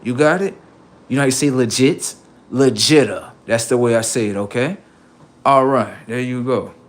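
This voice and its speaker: Young male streamer, casual slangy monologue, big loud spikes and low asides. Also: moderate pace. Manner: animated, swings from loud outbursts to quiet asides; slangy, addresses viewers directly. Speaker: livestream host.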